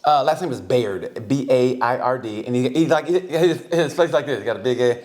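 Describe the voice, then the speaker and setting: A man's voice: mid-range voice, moderate pace. A man co-hosting a casual comedy podcast, telling stories with lots of laughter and acting out the voices of the people he quotes. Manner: animated storyteller, acts out quoted voices, laughs often. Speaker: podcast co-host.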